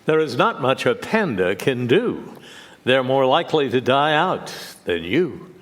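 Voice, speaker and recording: A man reading comic limericks on a quiz show in a slow, deliberate sing-song. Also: medium pitch, sing-song.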